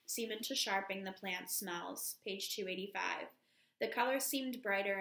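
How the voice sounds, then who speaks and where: Gravelly woman reading a novel aloud. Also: medium pitch, echoey room. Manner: steady reading, announces page numbers. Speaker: teacher.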